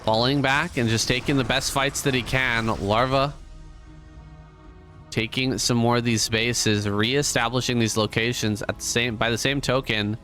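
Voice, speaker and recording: A man casts a strategy game match by himself in an easygoing, conversational play-by-play manner with offhand asides. His voice sits at a middling pitch. Faint music plays quietly underneath. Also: steady tone, measured pace. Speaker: esports caster. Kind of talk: solo game commentary.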